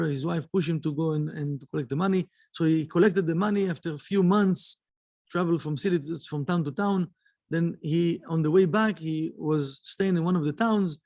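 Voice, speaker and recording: A man gives a kabbalah lesson in an earnest, halting way and pauses on fillers. His voice sits high with a gravelly fry. The recording is dry and close. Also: dark tone, no echo. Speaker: kabbalah teacher. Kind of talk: spiritual lesson with storytelling. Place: kabbalah center.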